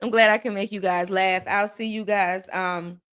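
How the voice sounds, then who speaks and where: A woman from the American South hosts a loose, casual chat with her viewers. She talks in an animated, jokey way and swings into exaggerated disbelief. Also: mid-range voice, moderate pace, smooth. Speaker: host.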